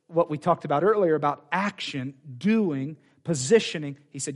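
Male pastor, fairly high voice, animated sermon delivery with repetition and acted-out quotes. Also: normal speed, few pauses. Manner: animated preaching, acts out quoted voices, repeats phrases. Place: church sanctuary.

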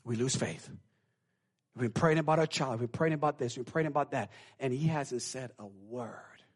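High-voiced preacher, dramatic swings. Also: male voice. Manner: dramatic, acts out quoted voices, swings from hushed to shouting. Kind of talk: sermon.

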